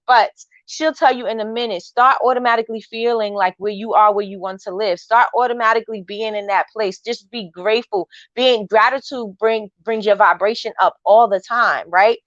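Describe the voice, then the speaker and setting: A woman's voice: on the high side, fairly bright tone, no echo, dull audio. Preachy, upbeat live-stream host woman. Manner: preachy and encouraging, repeats phrases. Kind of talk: lively motivational talk reading viewer comments.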